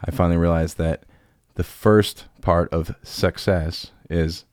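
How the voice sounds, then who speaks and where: A man's voice: deep voice, steady tone, measured pace, darkish tone, dry recording, studio quality. A man hosting a podcast in casual chat, rambling and jokey, often laughing. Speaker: podcast host.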